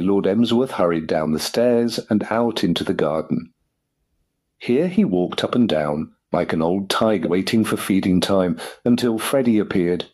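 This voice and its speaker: A man narrates an audiobook in a deep, low voice with a husky grain. His delivery is measured and steady, paced for a learner to follow.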